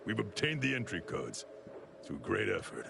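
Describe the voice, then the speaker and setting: A man's voice: lowish voice, very animated, normal speed, vocal fry, background noise, exaggerated voice. An actor playing a curt male military commander who gives orders in a video game.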